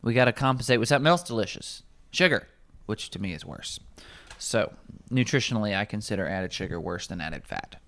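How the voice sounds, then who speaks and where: A young man, a nutrition coach, chatting casually in an office kitchen, reading out ingredient lists in a wry, animated way. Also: on the low side, brisk, no room sound.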